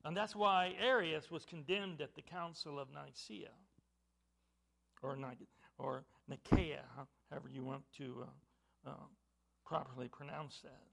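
A man preaching a sermon to his congregation, emphatic, with halting restarts that build to louder, higher points. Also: fairly even intonation, vocal fry, slight background noise. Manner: emphatic, rising in pitch and volume on key points; halting restarts and repeated words.

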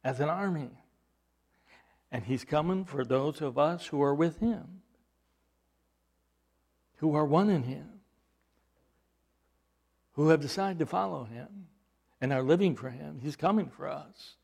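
Male pastor, sermon, slow delivery, fairly high voice, rhetorical questions, loud then hushed. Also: vocal fry. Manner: repeats words and restarts, rhetorical questions.

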